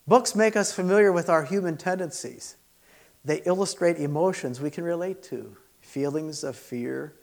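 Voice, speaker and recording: A man teaching a session for pastors, earnestly presenting and reading aloud a student essay. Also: fairly high pitch. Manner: earnest, measured, expressive reading.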